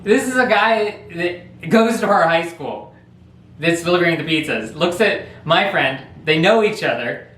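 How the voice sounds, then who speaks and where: A man tells a funny story casually, rambling and chuckling as he goes. His voice sits at a middle pitch. It sounds like an echoey room with faint background noise. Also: animated, a little slow, fairly bright tone. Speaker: vlog host.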